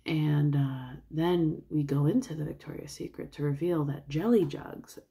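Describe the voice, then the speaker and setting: Young woman vlogger, low warm voice, loose rambling retelling. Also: moderate pace, gravelly. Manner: rambling, with fillers and soft asides. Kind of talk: casual storytelling, retelling a film.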